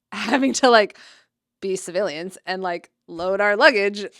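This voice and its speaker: A woman's voice: mid-range voice, a little slow, no room sound, studio quality. A young adult woman, an athletic trainer, telling a story in casual podcast talk, with "like" in nearly every phrase. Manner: chatty, heavy use of "like", animated retelling.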